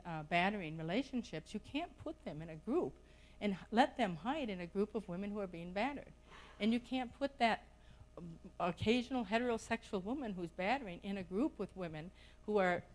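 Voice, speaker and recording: A woman's voice: medium pitch, a little mellow, poor audio. A middle-aged woman giving an impassioned plenary talk at a conference, asking urgent questions of her audience. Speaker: conference speaker. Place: conference hall.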